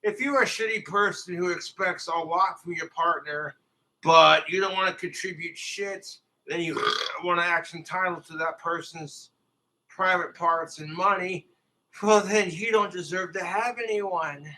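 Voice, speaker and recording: A man rants crudely on a livestream, swearing freely as he talks to his viewers. His voice sits a little high and comes out forceful and tense. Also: steady tone, unhurried, rough recording. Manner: crude, profane, ranting. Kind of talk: livestream rant.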